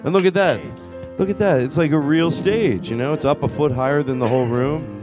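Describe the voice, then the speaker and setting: A man's voice: on the high side, brisk, music in the background. A man hosting a comedy podcast, telling a stand-up bit in a rambling, self-mocking way and laughing often.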